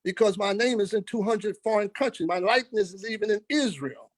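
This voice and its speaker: High-voiced older man telling stories. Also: a little fast, dry recording. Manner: emphatic, acts out quoted dialogue. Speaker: podcast guest. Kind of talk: storytelling interview.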